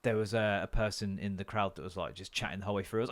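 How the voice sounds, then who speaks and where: A podcast host and comedian with a lowish, steady voice talks rapid-fire. The conversation is casual and rambling, full of swearing, jokes, and quotes acted out in other voices.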